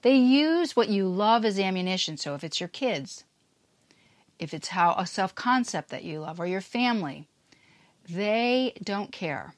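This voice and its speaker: A woman's voice: mid-range voice, animated, a little slow, no echo. A woman hosting a podcast, explaining a topic in a casual, emphatic way and briefly acting out quoted lines. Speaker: podcast host.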